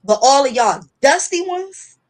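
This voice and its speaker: Woman host chatting, kinda high voice, laughing a lot, slangy animated storytelling. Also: a little slow. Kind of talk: casual chat storytelling.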